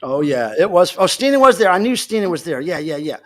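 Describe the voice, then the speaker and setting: A man hosting a livestream from home, telling a story in a casual, animated way, laughing often and acting out what people said. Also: high-pitched, quick pace. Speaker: livestream host. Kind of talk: casual storytelling to a live chat.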